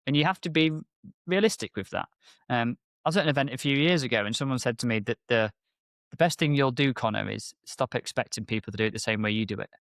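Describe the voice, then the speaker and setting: A fast-talking MSP business owner co-hosts a relaxed business podcast, animatedly narrating and dramatizing conversations with rising pitch. It's a dry, studio-quality recording.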